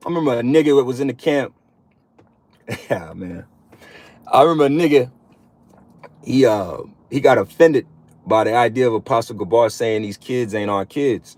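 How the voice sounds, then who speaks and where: Mid-range in pitch, a little mellow and at normal speed, this dry-recorded religious vlogger in his thirties preaches bluntly and profanely to other men. His street-preaching monologue often tags sentences with "man."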